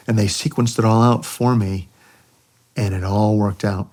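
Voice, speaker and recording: A middle-aged American veteran pilot speaks as a podcast guest, his voice sitting a little low. He tells hard war stories candidly and conversationally, slipping into the voices of the people he quotes. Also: steady tone, moderate pace, a little mellow. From United States. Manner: conversational, acts out quoted voices, frequent "you know". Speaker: guest, retired army helicopter pilot. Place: podcast studio.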